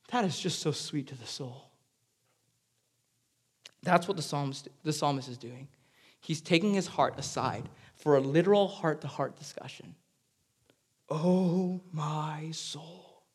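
A man preaching a sermon, swinging from hushed, whispered phrases to emphatic, raised climaxes. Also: a little high, slightly rough. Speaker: pastor.

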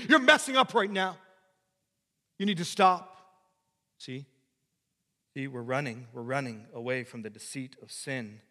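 A male pastor preaching a sermon emphatically, repeating phrases and swinging between loud and quiet. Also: high voice, big-room sound. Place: church.

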